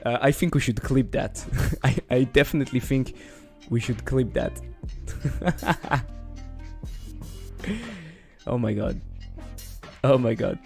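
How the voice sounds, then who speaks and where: A man with a French accent streaming as a game developer, excitable and self-mocking, swearing often as he talks through his work. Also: medium pitch, takes it slowly, creaky, pauses often, soft background music. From France. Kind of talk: casual live-stream commentary while coding.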